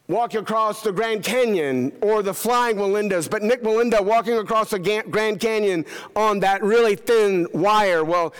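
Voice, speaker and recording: Male preacher, emphatic sermon delivery, high-pitched and unhurried. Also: clear, resonant tone, in a large hall. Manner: emphatic, with dramatic pauses and falls in pitch.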